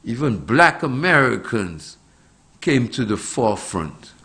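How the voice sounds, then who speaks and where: A man's voice: mid-range voice, sing-song, slow pace, sharp tone. A middle-aged man giving impassioned political commentary, firing off emphatic rhetorical questions and repeating his points.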